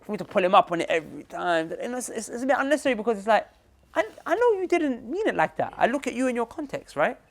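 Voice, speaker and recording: A young man preaching to a room of listeners in a quick, restless flow. His pitch leaps up and down as he repeats points and drops in street slang, turning to the audience again and again. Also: gravelly. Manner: animated, repetitive, slangy, addresses listeners directly. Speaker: Muslim preacher. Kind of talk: lively motivational talk to a group.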